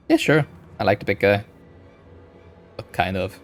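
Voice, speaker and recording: A man's voice: fairly low pitch, sing-song, measured pace, long pauses, faint music behind. A man giving casual, rambling gameplay commentary, thinking aloud with frequent hesitations. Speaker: gaming streamer.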